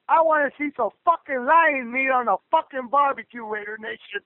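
A man's voice: moderate pace, hardly any pauses, dry recording. A man from Southern California calling into a radio show, ranting angrily with constant cursing. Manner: angry, profane ranting at a raised pitch. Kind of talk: call-in rant. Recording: dry tinny phone line.

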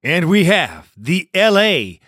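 A man's voice: high voice, very animated, takes it slowly, fairly bright tone, slightly rough, dry recording, studio quality. A man hosting a fan call-in show, chuckling and bantering loosely with callers. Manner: laid-back, chuckling banter. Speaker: host.

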